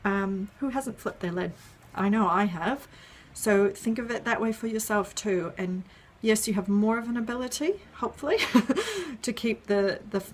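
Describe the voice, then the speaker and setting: A woman explaining an idea in a casual video, step by step, with frequent ums and "right?" checks. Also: medium pitch. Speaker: parenting educator.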